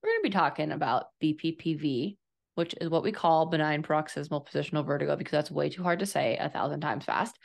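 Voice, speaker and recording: Woman co-host, casual and chatty, slightly low pitch, playful with words. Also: fast talker, gravelly. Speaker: podcast co-host. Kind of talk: casual chat.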